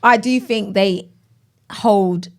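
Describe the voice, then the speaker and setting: A talkative woman co-hosting a casual podcast. She tells stories with plenty of drama and teases her partner. Her voice sits at an ordinary pitch for a woman. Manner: chatty, dramatic, quick to tease. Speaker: podcast co-host.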